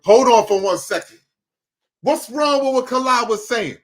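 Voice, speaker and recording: A man reacting to video clips in casual commentary, animated and emphatic, repeating lines for effect. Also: very high-pitched, normal speed, soft background music.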